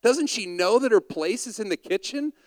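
A man's voice: high-pitched, animated, dry recording, pitched above the performer's own voice, poor audio. A man playing a frazzled, overworked woman who fires off exasperated complaints. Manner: rapid-fire exasperated complaining questions.

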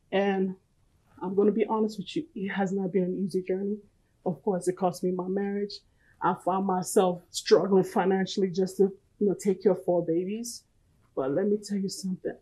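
A woman preaching a sermon and giving a personal testimony, earnest and pleading, swinging from loud to soft. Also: lowish voice, slightly rough, rough recording.

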